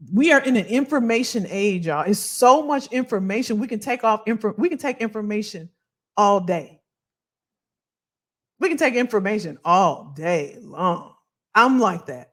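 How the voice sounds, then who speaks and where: A woman hosting a motivational live stream, reading viewer comments and cheering people on, repeating her phrases. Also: mid-range voice. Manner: animated, preachy and encouraging, repeats phrases.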